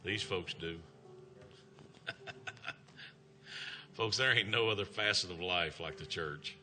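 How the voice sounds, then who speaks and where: Southern male evangelist, emphatic folksy sermon delivery, sharp bright tone. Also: low-pitched, slow, faint music behind. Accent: Southern American. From American South. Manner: folksy, emphatic, calls out "amen". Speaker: traveling evangelist. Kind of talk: revival sermon.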